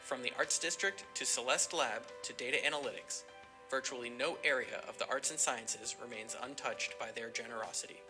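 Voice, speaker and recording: A man reading a formal scripted award tribute in a measured delivery. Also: mid-range voice. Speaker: ceremony announcer. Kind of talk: scripted narration. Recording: narration over music.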